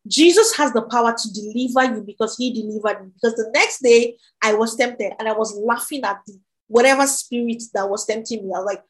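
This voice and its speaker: A woman's voice: fairly high pitch, a little fast, poor audio. A young woman preaching and sharing her testimony in an earnest, emphatic way, often repeating her phrases. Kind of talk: testimony sermon.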